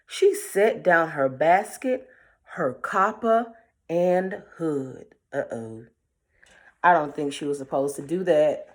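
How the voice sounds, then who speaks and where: A woman reads a picture book aloud at a slow, unhurried pace, stopping to chat playfully about what is on each page. Her voice sits low but moves up and down a lot. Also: lively intonation. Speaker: storyteller reading a picture book. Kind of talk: read-aloud with chatty commentary.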